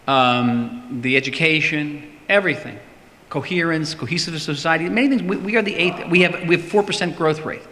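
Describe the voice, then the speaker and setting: A man's voice: a little high, moderate pace, pushed and bright, a little hiss or hum. A man answering audience questions in a public talk, emphatic and often repeating words for stress. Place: synagogue hall. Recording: long hall reverb.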